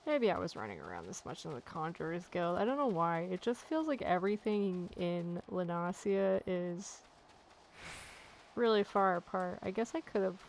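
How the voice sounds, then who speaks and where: A woman's voice: fairly low pitch, very animated, moderate pace, vocal fry, a little hiss or hum, poor audio. A woman casually commenting on her gameplay with joking, chatty asides into a desk mic. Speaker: let's play gamer.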